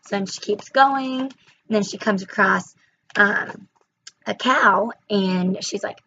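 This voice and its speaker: A woman's voice: mid-range voice, unhurried, bright, forceful tone, a little hiss or hum. Chatty young woman retelling a picture book. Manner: chatty, with frequent fillers. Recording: slightly muffled recording.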